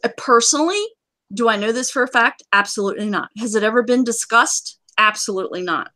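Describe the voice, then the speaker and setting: Brisk higher-pitched woman host. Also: pushed and bright, no room sound, low-quality recording. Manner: brisk, emphatic, instructive. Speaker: gaming community host. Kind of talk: live stream casual chat.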